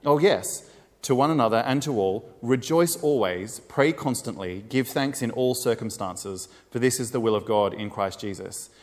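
A man's voice: medium pitch, moderate pace, close to an everyday voice. A man reading the lines of a frightened woman prisoner aloud in a reverberant hall.

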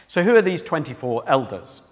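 A man's voice: on the high side, sing-song, fairly quick, in a large hall. A man preaching a sermon in a church, talking conversationally and asking the congregation questions.

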